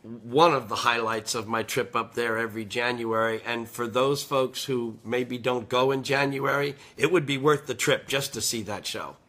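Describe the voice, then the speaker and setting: Bright-voiced chatty man. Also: mid-range voice, steady tone, moderate pace, hardly any pauses. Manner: chatty, laughs easily, recaps events. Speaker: guest and singer. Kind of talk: casual interview chat.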